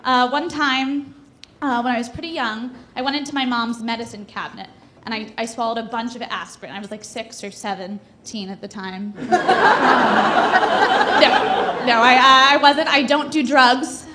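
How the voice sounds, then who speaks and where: A young woman performing a stand-up comedy set on a club stage into a handheld mic, with a hesitant, deadpan delivery full of fillers. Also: sits high. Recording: noisy live club recording.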